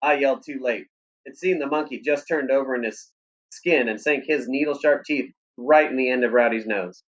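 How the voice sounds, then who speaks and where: A man, a teacher, reading a novel aloud in a steady, plain storytelling manner. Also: medium pitch, normal speed, highs cut off.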